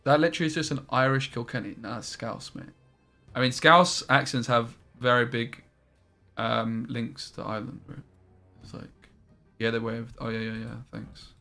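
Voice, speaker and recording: A man's voice: mid-range voice, steady tone, moderate pace, vocal fry, sharp tone, faint music behind. A young man casually commentating his card game on a live stream, chatting and reading chat aloud into a desk microphone.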